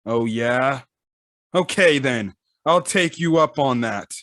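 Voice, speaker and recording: A man's voice: mid-range voice, lively intonation, slow, a bit bright, dry recording, studio quality. A man reading as a brash, defiant young fighter.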